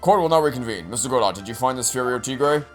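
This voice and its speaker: A man's voice: mid-range voice, lively intonation, fast talker, faint music behind, natural voice. A man voicing a fussy, timid old male judge who speaks mildly and hesitantly. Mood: formal. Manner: mild, hesitant.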